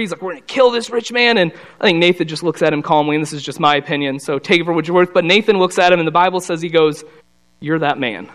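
A man's voice: high voice, fairly bright tone. A man giving a casual Bible study talk, telling the story conversationally and briefly voicing the characters. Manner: conversational storytelling, slips into quick voices for the characters.

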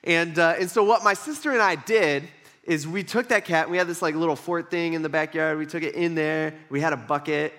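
A man's voice: fairly high pitch, a little fast, a bit bright. A male pastor preaching a sermon in a casual, conversational way, telling a personal story with lots of fillers. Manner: casual and conversational, many fillers, acts out quotes. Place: church.

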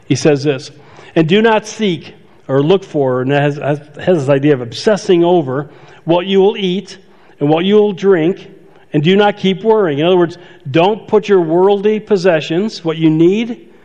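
A pastor giving a conversational sermon, stopping to restart phrases and add asides. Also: male voice, high voice, normal speed, mellow. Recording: dull sound with long hall reverb.

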